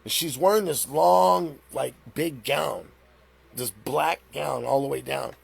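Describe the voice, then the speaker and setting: A middle-aged man hosting a live stream, retelling a story in a casual, animated way, with rambling restarts. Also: mid-range voice, slow pace, gravelly, husky.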